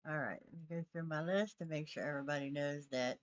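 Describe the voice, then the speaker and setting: A woman's voice: low voice, steady tone, fast talker, lo-fi sound. A woman streaming a game, chatting casually and baby-talking to her cat. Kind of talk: casual live-stream chat.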